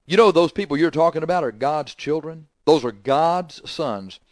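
A man preaching a sermon, scolding forcefully and swinging between loud emphasis and quiet asides. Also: on the high side, moderate pace, no room sound.

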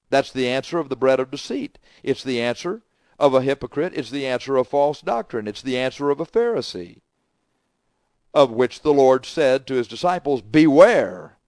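Forceful statements give way to soft asides as this middle-aged man preaches with emphatic repetition. His voice is of average pitch, and the audio is dry, close, and free of echo.

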